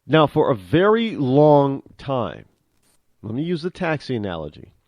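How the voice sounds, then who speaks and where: A man's voice: mid-range voice, big pitch swings, unhurried, a little mellow, no room sound. A man hosting a talk show, delivering an opinionated monologue with emphatic restarts and repeated words.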